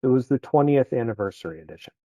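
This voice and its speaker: A man's voice: mid-range voice, expressive, quick pace, dark tone, no room sound, muffled recording. A man, chatting casually as a podcast guest about his travels, rambling and correcting himself as he goes.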